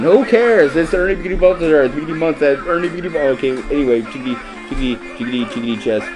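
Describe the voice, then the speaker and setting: A man giving absurd chess commentary, stuffing his lines with rhyming nonsense fillers and jumping into squeaky falsetto yelps, with faint guitar music behind him. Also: a little mellow.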